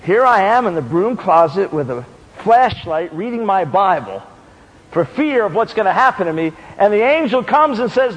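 High-voiced man preaching in a reverberant hall. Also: sing-song, moderate pace. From New York. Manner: impassioned, building to shouted rhetorical questions. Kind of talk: sermon.

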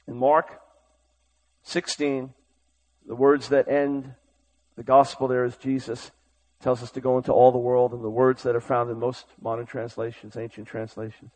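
A man preaching a sermon with urgent, impassioned delivery, swinging from loud exhortation to hushed storytelling. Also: mid-range voice, level tone, normal speed, poor audio.

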